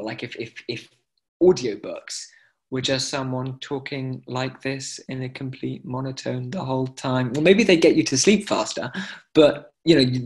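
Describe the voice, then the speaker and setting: A man teaching Torah chanting in an online class, talking enthusiastically and breaking into short sung examples over a video call. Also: medium pitch.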